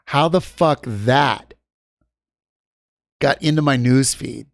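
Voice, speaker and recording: A man's voice: mid-range voice, slow, creaky, no room sound, studio quality. A man hosting a stream, giving casual commentary in a rambling, profane, hesitant way. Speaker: streamer host.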